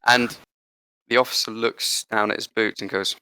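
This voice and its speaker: A man narrating as game master of a tabletop game in a relaxed, rambling way. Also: on the low side, normal speed, clean tone, dry recording, poor audio.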